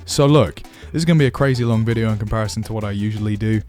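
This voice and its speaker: A man's voice: on the low side, rapid-fire, a little mellow, soft background music. A man teaching voice acting for tabletop games, chatty and self-deprecating. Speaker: dungeon master teaching voice acting. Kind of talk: casual tutorial.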